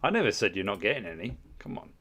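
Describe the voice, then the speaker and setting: Low-voiced man, crude livestream banter. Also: very animated, fast talker, a bit bright. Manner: crude, swearing, mock-outraged banter with chat. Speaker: livestream host.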